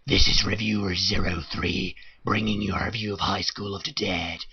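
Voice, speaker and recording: A man putting on a gravelly growl for a gruff masked male vigilante, in a dull lo-fi home recording. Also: sits low, steady tone, moderate pace, sharp tone, pitched below the performer's own voice, full character voice. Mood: grim.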